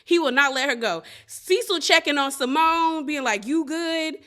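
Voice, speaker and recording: A woman's voice: sits high, moderate pace. A woman hosting a casual reality TV recap, talking animatedly and acting out what the cast members said. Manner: animated, laughing, quotes cast members in playful voices.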